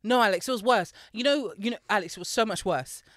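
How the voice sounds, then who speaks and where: A woman co-hosts a casual podcast, loud, teasing and quick to swear. Her pitch sits mid-range for a woman. The sound is dry and close, with no room around it. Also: no echo. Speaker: podcast co-host. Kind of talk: casual chat.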